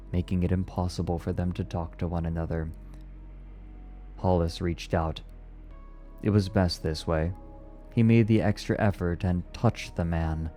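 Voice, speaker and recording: A male storyteller with a very deep, dark voice reads slowly and solemnly, pausing often. Soft music plays faintly behind him. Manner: slow, measured and solemn. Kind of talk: dramatic story reading.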